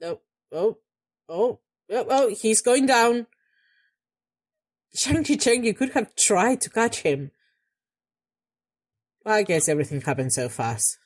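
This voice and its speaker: A young woman talks her way through a drama episode in casual reaction commentary, addressing the characters directly. Her pitch moves a lot, rising and falling with every exclamation, and she raises her voice when something makes her angry. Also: takes it slowly, pauses often. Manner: expressive, talks back at the screen, gets loud when angry. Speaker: reaction video host.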